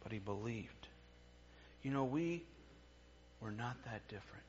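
A man preaching a sermon in an earnest way. His voice goes from emphatic lines to hushed, quiet ones. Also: mid-range voice, lively intonation, measured pace, muffled recording, slight background noise.

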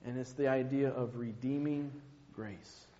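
A man preaching a sermon, slow and emphatic, dropping to a hush on key words. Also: mid-range voice, steady tone, a little hiss or hum. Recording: muffled, long hall reverb.

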